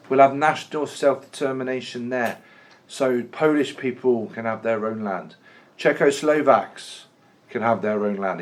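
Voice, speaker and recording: A man teaching a history lesson in a chatty, jokey way, often restarting his sentences. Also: medium pitch. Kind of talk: classroom lecture.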